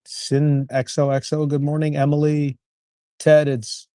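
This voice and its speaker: Male stream host, warm and dark voice, dry close sound, rattles off greetings. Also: fairly high pitch, monotone, no echo. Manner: rapid-fire greetings to chat. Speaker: livestream host. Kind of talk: casual livestream greetings.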